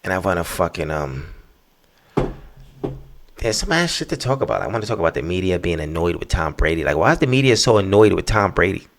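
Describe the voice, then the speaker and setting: New guy ranting on his podcast, gravelly, swears a lot, pitch jumps all over. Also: fairly quick. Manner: profane, rambling, animated. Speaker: podcast host. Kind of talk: casual solo rant.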